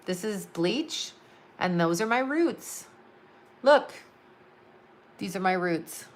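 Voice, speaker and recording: Speaking slowly and expressively at a medium pitch, this woman is a psychic and astrologer responding to live chat. Her stream talk is casual, blunt and meandering, full of laughs and profanity.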